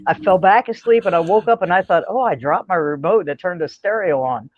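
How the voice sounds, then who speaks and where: A woman co-hosting a casual livestream chat, agreeable and hesitant, often pausing with "uh". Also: medium pitch, lively intonation, highs cut off, a little hiss or hum. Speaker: co-host and astrology reader.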